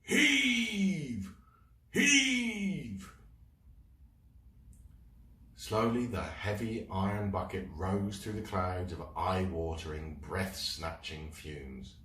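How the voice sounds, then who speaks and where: A man reading a children's book aloud in an expressive storytelling voice. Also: deep voice, a little hiss or hum. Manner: expressive, slow read-aloud. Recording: roomy room, mic at a distance.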